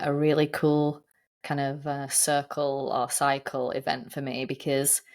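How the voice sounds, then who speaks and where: A woman guesting on a podcast, telling her story in a candid, earnest way in casual interview chat. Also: deep voice.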